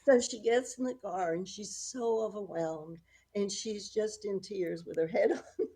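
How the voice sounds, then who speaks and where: A woman's voice: mid-range voice, unhurried, husky. A middle-aged woman, a book author, telling anecdotes in a casual interview and laughing often. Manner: lively storyteller, laughs often. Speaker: author, guest.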